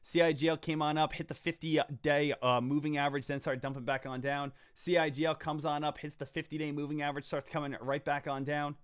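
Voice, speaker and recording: A man teaching stock trading in a casual, energetic way, talking straight to his viewers and repeating phrases for emphasis. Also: on the high side, brisk, hardly any pauses, smooth, no room sound, clean studio sound. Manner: energetic, talks straight to viewers as "guys" and "team". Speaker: stock trader and trading coach. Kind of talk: casual trading lesson over live charts.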